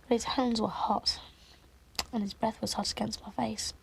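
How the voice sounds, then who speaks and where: An actress playing a young woman quietly confiding a painful secret in a TV drama. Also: on the high side, fairly even intonation, normal speed, creaky, slightly rough, heavily acted. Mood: hushed. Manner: soft, hushed, confessional.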